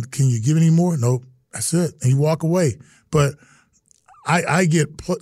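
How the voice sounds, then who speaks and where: A middle-aged man with a pro football past tells earnest stories during a casual interview, imitating the voices of people he quotes. The mellow, medium-pitched voice comes through in studio quality with no echo.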